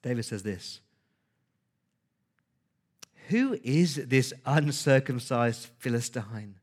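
A man's voice: on the high side, slow. A man preaching a sermon, emphatic, with rhetorical questions and words repeated for stress.

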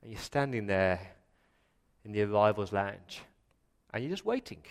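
Impassioned Australian pastor preaching. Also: male voice, fairly low pitch, sing-song, normal speed, creaky. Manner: builds from quiet reflection to loud impassioned pleading. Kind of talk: sermon. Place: church.

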